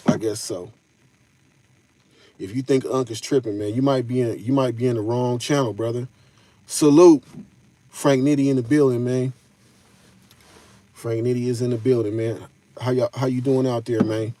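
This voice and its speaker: Mellow-voiced man hosting a live stream. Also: mid-range voice, fairly even intonation, moderate pace, pauses often, no echo. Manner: loose slangy talk, addresses chat directly. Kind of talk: casual live-stream commentary.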